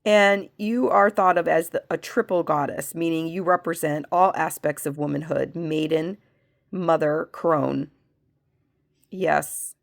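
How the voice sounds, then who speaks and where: A woman who has a cold, working as a medium, leads a spiritual pendulum reading and asks slow yes-no questions that she answers herself. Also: low-pitched, vocal fry. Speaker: medium and reiki practitioner.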